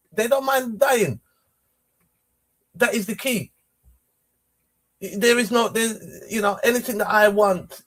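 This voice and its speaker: A man hosting a livestream, talking casually and rambling with many restarts and repeated phrases. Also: high voice. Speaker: livestream host.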